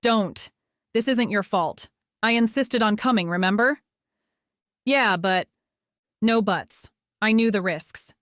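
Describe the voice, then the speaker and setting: A woman's voice: mid-range voice, takes it slowly, pauses often, a bit bright, dry recording, studio quality. A woman voicing a wounded teenage boy who jokes and reassures in a wry, teasing way. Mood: reassuring.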